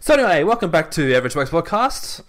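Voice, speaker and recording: A man's voice: a little high, very animated, fast talker. A young man hosting a casual podcast, joking around and hesitating with fillers. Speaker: podcast host. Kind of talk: casual chat.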